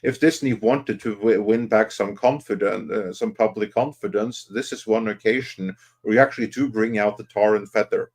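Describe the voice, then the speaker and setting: A man's voice: lowish voice, moderate pace, hardly any pauses, darkish tone. A man co-hosting a casual panel show, blunt and emphatic in his opinions. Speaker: panel co-host.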